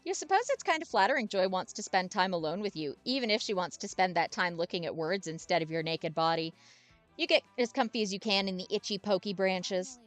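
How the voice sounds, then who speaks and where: A woman's voice: medium pitch, lively intonation, brisk, faint music behind. A young woman narrating her game playthrough with playful quips. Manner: playful, quippy. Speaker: game streamer.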